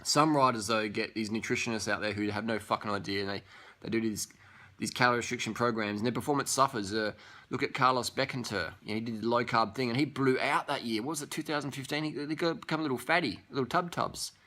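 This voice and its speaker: A man's voice: mid-range voice, fast, bright, forceful tone. A young man ranting bluntly to camera, scornful and full of swearing. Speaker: vlogger. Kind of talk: profane rant to camera.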